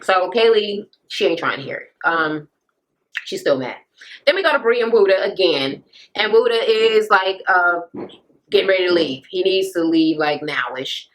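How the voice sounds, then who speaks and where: A young woman ranting through a casual reality TV recap, blunt and sassy, swearing freely and jumping into sudden high squeals. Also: expressive, normal speed, poor audio. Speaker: vlogger reviewing reality TV.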